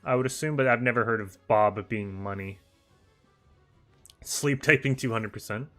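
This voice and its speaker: A young man chatting casually on a game livestream, reading viewer messages aloud, talkative and animated with frequent laughter. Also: mid-range voice, moderate pace, soft background music. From United Kingdom. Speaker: streamer.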